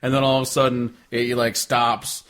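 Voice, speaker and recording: A man's voice: mid-range voice, little pitch movement, normal speed, a bit bright. A man co-hosting a casual podcast, talking sarcastically with frequent swearing and filler words. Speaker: podcast co-host. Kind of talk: casual chat.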